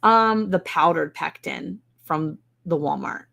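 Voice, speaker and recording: Speaking slowly in a low-pitched, expressive voice with vocal fry and a fairly bright tone, a woman hosts a relaxed live ranch stream from inside her home. She responds to viewers' comments chattily, with wry humor at her own expense.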